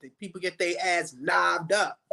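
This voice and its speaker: A woman co-hosting a casual talk show, animated, emphatic and blunt. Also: on the low side, normal speed, vocal fry. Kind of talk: casual panel chat.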